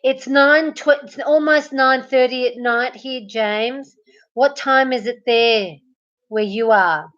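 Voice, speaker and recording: Through dull audio comes a high, somewhat bright female voice with an Australian accent, taking things slowly. She's in bed at night on a casual live stream, saying hello to viewers and reading out their comments.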